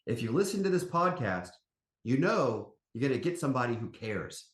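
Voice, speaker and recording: Chatting casually as a podcast guest, a CEO with a medium-pitched voice talks at a normal pace. He tells stories with folksy, emphatic animation, and the recording carries a roomy echo.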